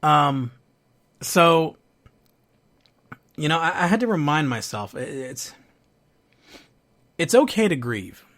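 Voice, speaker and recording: Guy talking slow and heartfelt about hurting, lots of restarts, kinda high voice. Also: very animated, a bit bright. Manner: earnest, halting with restarts and fillers. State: going through a divorce, sad. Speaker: podcast host. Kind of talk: personal reflective monologue.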